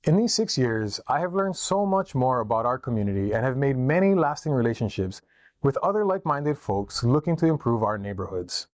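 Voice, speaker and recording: A man from Hawaii, a political candidate, reading his campaign statement in a steady, formal way. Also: mid-range voice, fairly quick, no echo.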